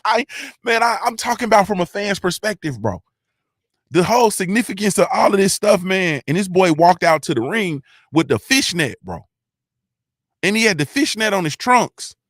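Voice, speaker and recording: A man hosting a boxing fan show in casual, slangy talk, excited and repeating himself as he goes. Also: sits high, moderate pace, no echo, clean studio sound.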